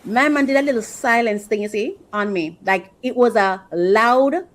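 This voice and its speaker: A woman's voice: fairly high pitch, normal speed, rough recording. A woman hosting a podcast, giving emphatic, opinionated commentary, repeating phrases for rhythm and dropping affectionate asides. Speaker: podcast host.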